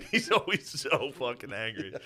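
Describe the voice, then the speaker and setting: A young man co-hosting a podcast in casual chat, telling animated stories and acting out his family, swearing freely. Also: medium pitch, unhurried, gravelly. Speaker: podcast co-host.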